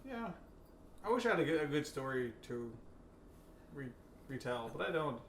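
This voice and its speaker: A man from Long Island co-hosting a casual podcast chat, talking in a chatty, animated storyteller way. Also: fairly high pitch, moderate pace. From Long Island, New York. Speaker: co-host. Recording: echoey room, faint noise.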